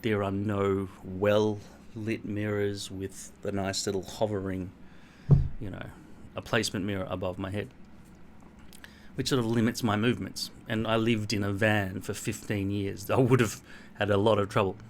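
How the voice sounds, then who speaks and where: A man's voice: fairly low pitch, flat delivery, moderate pace, slight background noise. A middle-aged Australian man vlogging at home in a rambling, blunt, self-mocking way, swearing freely. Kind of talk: casual rambling monologue to camera.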